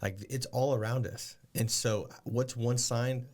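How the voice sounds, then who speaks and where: A man co-hosting a podcast, talking in a relaxed, reflective way with plenty of "like" fillers. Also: medium pitch, a little slow. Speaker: podcast co-host. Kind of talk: casual chat.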